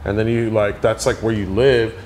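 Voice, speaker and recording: A young man with a low voice talks through a story in a relaxed interview, leaning on "like" at every turn. His storytelling is animated, and a faint hiss of background noise sits under the recording. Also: moderate pace. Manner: animated storyteller, heavy "like" fillers. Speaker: podcast guest.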